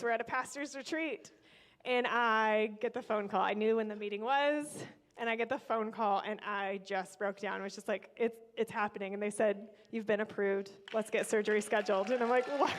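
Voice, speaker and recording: Young woman, vlogger, excitable storyteller, slightly high voice. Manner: excitable, animated, with bursts of praise. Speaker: vlogger and kidney donor. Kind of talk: casual faith-filled storytelling.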